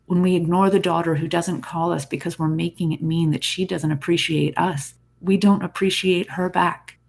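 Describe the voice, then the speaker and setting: A podcast host giving a calm, reflective self-help talk, speaking directly to the listener. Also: medium pitch, gravelly, breathy edge. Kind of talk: scripted self-help monologue.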